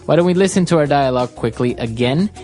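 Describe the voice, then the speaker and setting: A woman's voice: deep voice, expressive, fast, warm tone, faint music behind. A woman hosting an English lesson podcast, explaining phrases steadily with frequent affirmations. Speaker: podcast host, English teacher.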